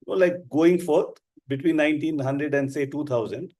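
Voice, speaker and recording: A man with an Indian English accent teaching a live class, explaining slowly and with emphasis. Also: a little high, mellow. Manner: slow, deliberate, emphatic explaining. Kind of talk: live online class lecture.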